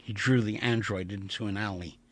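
A man reading a story aloud in an expressive, vivid storytelling way. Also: on the low side, a little fast. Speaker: audiobook narrator. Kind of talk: dramatic audiobook reading.

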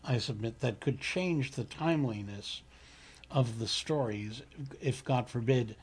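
Slow-talking radio host guy, husky and a bit gravelly, stumbles over words. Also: medium pitch. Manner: halting, repeats words, instructs a new board operator. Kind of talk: live radio talk show.

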